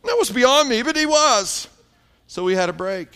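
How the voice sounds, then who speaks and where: High-voiced pastor telling a story. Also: male voice, normal speed, clean tone. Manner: animated storyteller, drops to hushed tones for emphasis. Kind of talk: sermon with storytelling.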